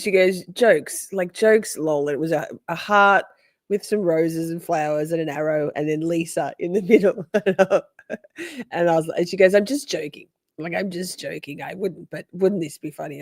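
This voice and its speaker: A woman hosting a casual stream, chatting with viewers in an animated, playful, mock-dramatic way. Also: fairly low pitch, no room sound, clean studio sound. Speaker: livestream host. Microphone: phone.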